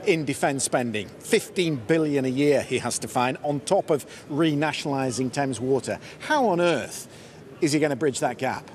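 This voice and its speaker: A male news presenter on a live broadcast, asking questions briskly in a conversational way and describing the day's events from a city street. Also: mid-range voice, animated, darkish tone. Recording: outdoor broadcast with crowd noise. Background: crowd chatter and passing traffic.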